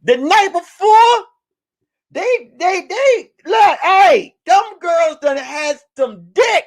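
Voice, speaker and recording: Animated, profane male live-stream host. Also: extremely high pitch, takes it slowly. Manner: animated, loud, profane, shouts punchlines. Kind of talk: casual live-stream storytelling.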